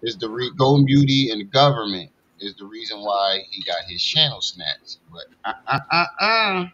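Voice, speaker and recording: Bright-voiced man hosting on a lo-fi stream. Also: lowish voice, very animated, normal speed. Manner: casual, loose, chatty. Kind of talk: hosting a livestream commentary show.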